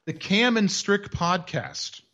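Lively joking male podcast host. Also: high voice, slow pace, dull audio, a loud crowd. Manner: joking, rambling, self-mocking. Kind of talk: casual sports podcast chat with ad read.

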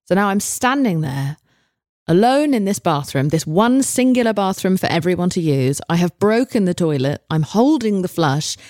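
A woman in her thirties from England, with an English accent, hosts her own podcast and tells a story solo, candidly mocking herself and swearing freely. Her voice is low and darkish, recorded with clean studio sound and no echo.

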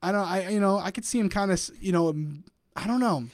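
Male podcast co-host, slightly high voice, dry close sound, casual, muses aloud. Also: fast, no room sound. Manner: musing, thinks aloud with many hedges. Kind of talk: casual recap chat.

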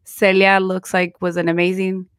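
A woman's voice: fairly low pitch, completely flat delivery, moderate pace, no room sound, studio quality. A tired woman co-hosting a casual podcast chat, still recovering from a lost voice, mixing English and Spanish. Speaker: podcast co-host.

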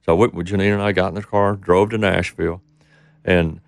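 Deep gravelly man telling a story. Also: flat delivery, fairly quick, no echo, studio quality. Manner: rambling, acts out quoted voices. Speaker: interview guest. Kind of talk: casual storytelling.

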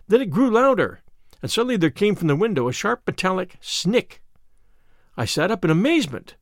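A man reading the part of a shaken young gentleman recounting a night attack in an audiobook. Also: high-pitched, no room sound, clean studio sound.

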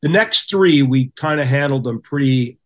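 Man, middle-aged, podcast guest, casual storytelling, animated, acts out quotes, medium pitch. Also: moderate pace. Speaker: podcast guest, former hockey goaltender.

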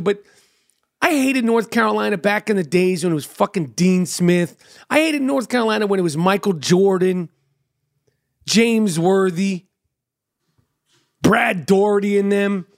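High-voiced comedian guy doing his podcast, cussing a lot, lots of uhs, super dry close sound. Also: no echo. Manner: profane, loose storytelling with frequent fillers. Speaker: podcast host and stand-up comedian. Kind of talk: casual rambling monologue.

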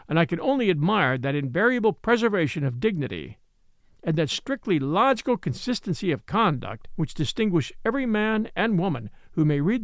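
A man narrating a classic novel in the first person, expressive and wry. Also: high voice, dry recording, studio quality. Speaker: audiobook narrator. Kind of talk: scripted narration.

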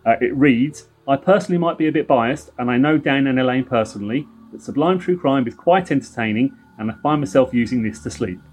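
A middle-aged London man co-hosts a podcast, trading casual, joking banter in a London English accent. His voice is medium in pitch and darkish in tone, and he talks briskly with hardly any pauses.

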